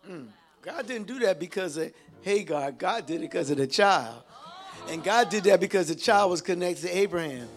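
Man, preacher, high voice, exhorting, call and response, faint music behind. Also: animated, normal speed. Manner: exhorting, calls out to the congregation.

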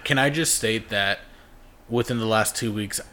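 Man, co-host, lowish voice, deadpan joking, casual banter. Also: normal speed. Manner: deadpan, joking, lots of yeahs. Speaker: podcast co-host. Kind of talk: casual comedic chat.

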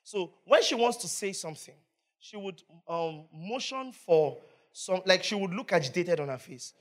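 A preacher telling a story in a sermon, animated and stopping to ask the listeners questions. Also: medium pitch, normal speed. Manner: animated, asks the audience questions.

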